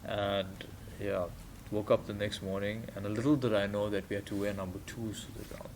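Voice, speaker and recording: South african man, low voice, casual podcast storytelling, faint room hum. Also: fairly quick. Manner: animated, acts out quoted voices with laughter. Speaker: podcast guest.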